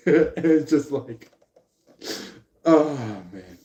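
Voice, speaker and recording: A man giving a live tarot reading, rambling and halting with many fillers. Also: medium pitch, fairly even intonation, warm tone. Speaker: tarot reader. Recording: roomy echo.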